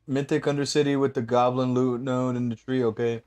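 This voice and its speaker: A relaxed man talks through his live game stream. He jokes around and curses casually, in a flat, somewhat bothered-sounding tone. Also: mid-range voice, brisk, few pauses, dry recording. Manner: laid-back, joking, swears freely. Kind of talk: casual live-stream chat while gaming.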